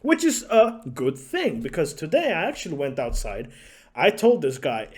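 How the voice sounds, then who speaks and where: A man's voice: a little high, huge pitch swings, moderate pace. A man telling a story in a casual vlog, sarcastic and profane, laughing often. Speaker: YouTuber.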